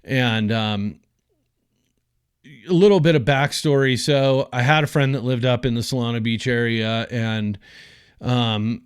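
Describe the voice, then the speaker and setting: A man's voice: medium pitch, unhurried, clear, resonant tone, no echo, clean studio sound. A man hosting a podcast, telling a personal story in a casual, rambling, profane way with lots of fillers. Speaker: podcast host.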